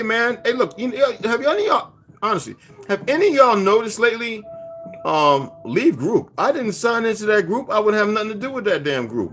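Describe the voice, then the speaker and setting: Male home-kitchen streamer, speech, animated up-and-down delivery, rambling asides to chat. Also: high voice. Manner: talks to viewers in chatty asides, mutters to himself. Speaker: live streamer. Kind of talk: casual live-stream chat while cooking.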